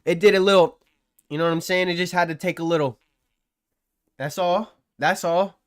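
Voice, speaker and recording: A man's voice: high-pitched, fairly even intonation, moderate pace, clear, resonant tone, no echo, clean studio sound. Cocky man teasing his live chat. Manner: teasing, boastful banter with chat, slangy and loud bursts. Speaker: livestream trading host. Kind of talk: live trading stream commentary.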